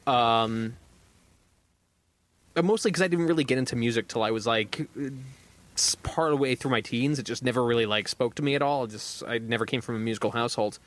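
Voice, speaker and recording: A man co-hosting a podcast in casual chat, animated and swearing freely. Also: mid-range voice, a little fast. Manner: animated, swears a lot, laughs loudly. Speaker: podcast co-host.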